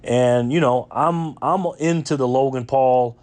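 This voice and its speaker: A man's voice: medium pitch, measured pace, darkish tone. A man from New York, vlogging as he tells a chatty story with lots of fillers and restarts. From Rochester, New York. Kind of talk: casual storytelling.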